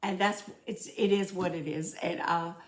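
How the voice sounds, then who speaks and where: A woman's voice: on the low side, steady tone, normal speed, reverberant. A woman with a Southern accent hosting her own channel, chatting heartfelt and folksy to her viewers. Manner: folksy, heartfelt, often says y'all. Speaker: host of a home budgeting channel. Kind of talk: casual chat to viewers.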